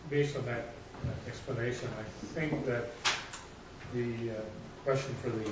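A man in a class, joining the discussion with a hesitant, halting comment. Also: mid-range voice, fairly even intonation. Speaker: class member asking a question. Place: indoor classroom, speaking far from the mic. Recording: distant, roomy, muffled recording.

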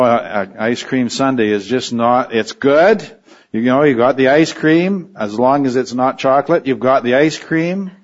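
A man's voice: medium pitch, highs cut off. A man preaching an expository sermon in a conversational way, often stopping to restart his sentences.

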